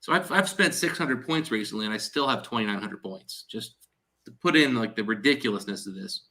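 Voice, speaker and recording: A man's voice: fairly low pitch, lively intonation, fairly quick, pushed and bright. A man chatting casually on a live stream as its host, rambling and restarting his sentences. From Ohio, USA.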